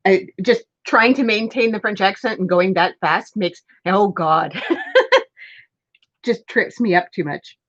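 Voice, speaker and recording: A woman's voice: mid-range voice, a little slow, no room sound. A woman chatting casually on a crafting live stream, laughing often between remarks. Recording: dull lo-fi stream audio.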